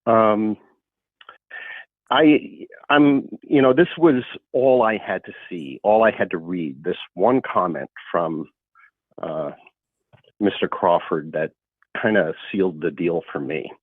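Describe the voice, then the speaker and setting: A man giving a halting, earnest public comment over the phone, with many fillers. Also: low-pitched, slightly rough, no room sound. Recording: tinny phone line, dry.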